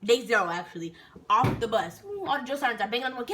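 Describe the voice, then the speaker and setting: Fast-talking, animated young woman storyteller. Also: fairly high pitch, a little hiss or hum. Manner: animated, slangy, profane. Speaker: vlogger telling a personal story. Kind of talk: casual storytelling.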